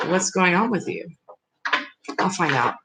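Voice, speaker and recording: A woman's voice: lowish voice, animated, a little slow, heavy background noise. A woman giving live tarot readings, speaking directly and reassuringly to her viewers in a loose, rambling way. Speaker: tarot reader.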